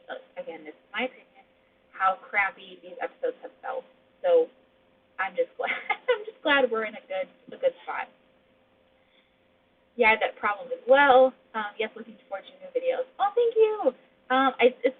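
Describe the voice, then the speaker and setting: A woman with a Midwestern accent hosting a casual live chat about TV shows, rambling and laughing often as she talks from home. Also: medium pitch. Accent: Midwestern American. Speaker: host. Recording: muffled phone-like audio with faint hum.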